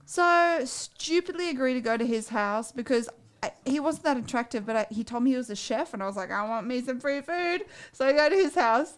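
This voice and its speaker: A woman co-hosting a dating advice show, telling a story in a blunt, profane, animated way in casual chat. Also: high voice, brisk, smooth.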